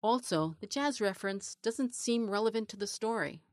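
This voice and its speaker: A woman's voice: medium pitch, normal speed, darkish tone, dry recording, studio quality, lightly acted. Woman doing a smug, mocking storybook fox. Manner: purring, precise, mocking. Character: smug, fussy male fox, stickler for accuracy.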